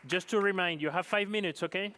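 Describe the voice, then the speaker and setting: A man's voice: sits high, quick pace, pushed and bright. A man hosting a startup competition on a conference stage, chatty and apologetic, with slightly non-native phrasing. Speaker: event host. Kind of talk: live event hosting.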